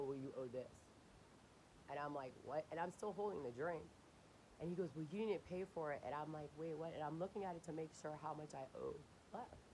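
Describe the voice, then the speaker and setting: A woman's voice: extremely low pitch, a bit bright, a little hiss or hum, rough recording. A woman ranting in a casual diary video, indignant and swearing as she retells arguments. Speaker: diary vlogger. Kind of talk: casual personal rant.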